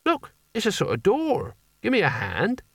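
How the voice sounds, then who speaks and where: A man's voice: sits high, huge pitch swings, moderate pace, a bit bright, husky, no echo, studio quality, voice pushed up, full character voice. A man doing a naive young would-be barbarian. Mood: eager. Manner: eager, earnest and chatty. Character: gangly young male would-be barbarian hero, earnest and naive.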